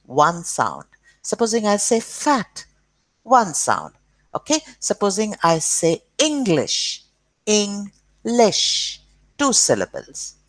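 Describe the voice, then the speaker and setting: Patient woman teaching kids grammar slowly. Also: medium pitch, no room sound. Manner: slow and patient, spells words letter by letter and stretches them out; says "okay" often to check along. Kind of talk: grammar lesson for children.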